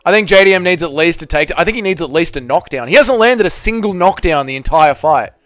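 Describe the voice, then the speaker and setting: A young man hosting a live watch party, reacting loudly to a fight, swearing and shouting at the screen. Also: fairly high pitch, fast, no echo. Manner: excitable, swears a lot, yells at the screen.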